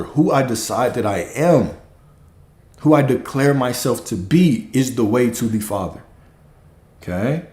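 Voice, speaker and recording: Male spiritual teacher, low voice, laid-back talk dotted with "right?", echoey room. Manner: keeps checking in with "right?" and "okay?"; relaxed, with casual swearing. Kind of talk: casual spiritual teaching monologue.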